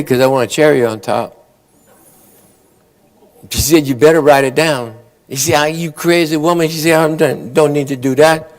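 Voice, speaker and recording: A man telling long, folksy joke stories at a conference awards ceremony, briefly acting out his characters' lines. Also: a little high. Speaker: after-dinner joke teller.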